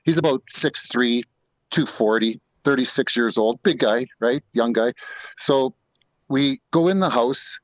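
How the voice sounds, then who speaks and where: A man's voice: mid-range voice, unhurried, no echo, muffled recording. A middle-aged man telling a ghost story in a loose, rambling way, full of restarts and asides. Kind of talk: casual storytelling.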